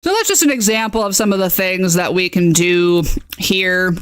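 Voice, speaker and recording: A woman hosting a casual live-stream tutorial as a game master. She is chatty and excitable, reacting aloud as she clicks and tagging her lines with "okay?". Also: fairly low pitch, moderate pace, clear, resonant tone, no room sound, studio quality.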